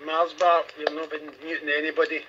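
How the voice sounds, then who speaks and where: A fairly high-voiced man lays down the law bluntly, swearing as he scolds. The audio is dull and lo-fi with a faint hiss underneath. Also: monotone, a little fast. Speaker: channel admin. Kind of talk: push-to-talk voice chat.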